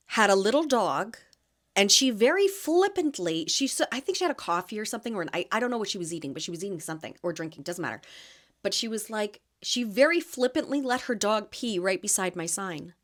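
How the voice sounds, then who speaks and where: A chatty woman in her thirties, host of a small podcast, tells stories in a loose, animated way. She strings her thoughts together with plenty of fillers. Her voice sits at a middle pitch. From Canada. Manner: chatty, animated storytelling with laughs and many "like" fillers. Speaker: podcast host and market vendor. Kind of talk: casual chat.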